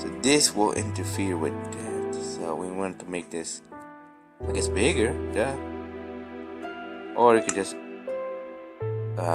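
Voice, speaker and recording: A young man vlogging casually while playing a game, rambling with many restarts and stammers. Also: fairly low pitch. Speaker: gaming vlogger.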